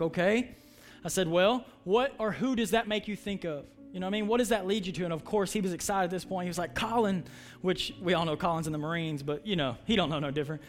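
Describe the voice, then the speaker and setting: A middle-aged man preaching from the pulpit, his voice sitting high for a man. He tells a story in a loose, conversational way, often stumbling and restarting, while faint music plays underneath. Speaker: pastor. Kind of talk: sermon.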